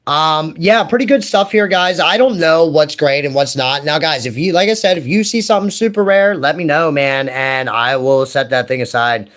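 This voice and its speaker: A man in his late thirties chatting casually while opening trading card packs, rambling and excitable, full of "dude" and "man". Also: fairly high pitch. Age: 30s. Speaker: card-opening video host.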